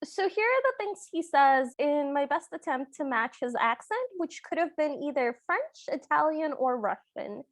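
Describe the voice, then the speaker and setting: A woman co-hosting a podcast, making wry, quick asides and laughing often. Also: sits high, animated, dry recording, studio quality. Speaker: podcast co-host. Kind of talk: casual podcast chat.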